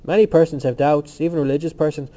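A man reading a calm, probing young man. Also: fairly high pitch, quick pace, highs cut off, close to an everyday voice.

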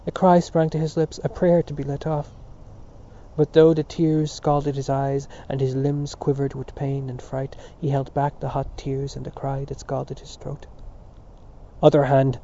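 A man narrating a literary audiobook in a steady, sober reading voice, on a dull lo-fi recording. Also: mid-range voice, normal speed, a little hiss or hum.

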